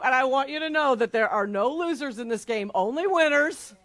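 A woman's voice: high-pitched, expressive, brisk, fairly bright tone. Playful woman leading a Bible group. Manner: stretches phrases out like a game-show host; chatty and teasing, laughs easily. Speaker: Bible study leader. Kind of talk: playful devotional talk to a group.

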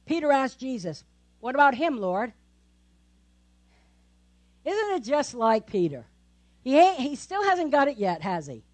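Woman, pastor, conversational sermon, tag questions, slightly high voice. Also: very animated, moderate pace, a little mellow.

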